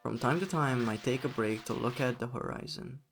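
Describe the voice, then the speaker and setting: A man's voice: mid-range voice, moderate pace, a bit bright, a little hiss or hum, natural voice. A man reading game narration as an airy valley girl with a breezy delivery. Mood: dreamy.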